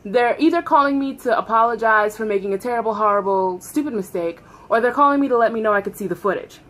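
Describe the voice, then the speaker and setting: Woman, 30s, storytime vlogger; slightly high, lively and profane. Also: fast. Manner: animated, profane, laughing. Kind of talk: storytime vlog.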